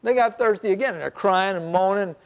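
A man preaching a sermon, telling a story in an animated way and acting out the voices of the people in it. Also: high voice, brisk, clean tone. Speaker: pastor.

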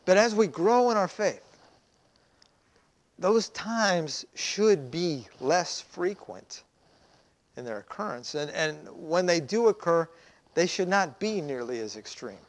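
A man's voice: high-pitched, animated, slow. A man, a pastor, preaching a sermon in a conversational way, asking rhetorical questions.

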